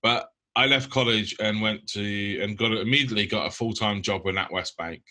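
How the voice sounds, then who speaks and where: A young man from the UK co-hosts a podcast in a lowish, sharp voice at normal speed. His casual chat is blunt and rambling, full of ums.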